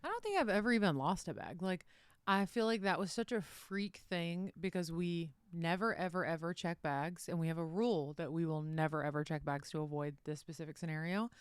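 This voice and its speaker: A bubbly young woman chats casually. Her voice is low for a woman and smooth. She is recorded close and dry on a hotel room floor. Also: a little fast, no room sound. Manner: bubbly and chatty. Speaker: podcast co-host. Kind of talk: casual chat.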